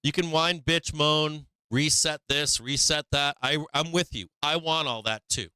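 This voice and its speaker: A blunt, swearing man rants on his live stream with a bright, forceful edge to his somewhat high voice. His delivery is crisp and clean, and the recording is very dry and close. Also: a little slow, dry recording. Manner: profane, blunt, laughing, preachy. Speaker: stock market live stream host. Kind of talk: casual live stream rant.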